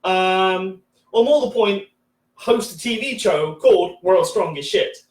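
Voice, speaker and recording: A man in his thirties doing a debut stand-up set, rambling and halting with lots of fillers, restarts and swearing. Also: high-pitched, animated. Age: 30s. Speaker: stand-up comedian. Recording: echoey room from a distance.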